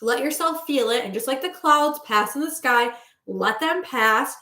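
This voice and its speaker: A woman's voice: high voice, animated, measured pace, pushed and bright. Chatty woman coach in an echoey room. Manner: breezy, chatty, greets viewers, casual swearing. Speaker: manifestation coach. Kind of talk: casual livestream coaching talk.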